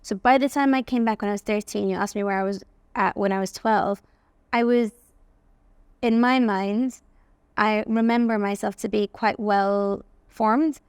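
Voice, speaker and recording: A woman from England, a guest in an interview telling lively personal stories and often saying "like". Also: mid-range voice, moderate pace, clear, resonant tone, dry recording. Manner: animated, acts out quoted voices, frequent "like". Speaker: guest, facial aesthetics practitioner.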